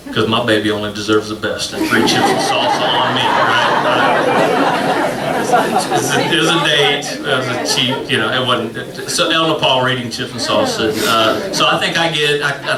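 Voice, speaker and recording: A man's voice: mid-range voice, animated, normal speed, recorded from a distance, a loud crowd, very noisy. A man, a pastor telling a rambling, self-mocking story in a sermon, full of fillers. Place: church sanctuary. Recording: echoey room, voice from off-mic.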